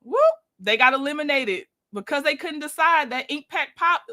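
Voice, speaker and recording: A woman's voice: high-pitched, expressive, moderate pace, pushed and bright. A woman giving a casual, chatty reality-show recap, talking straight to her viewers with opinionated asides. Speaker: YouTube commentator.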